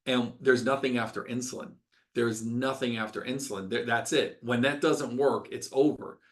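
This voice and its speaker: A man's voice: mid-range voice, fairly even intonation, normal speed. A middle-aged man, a doctor hosting a webinar, talking with passion, ranting and repeating words for emphasis.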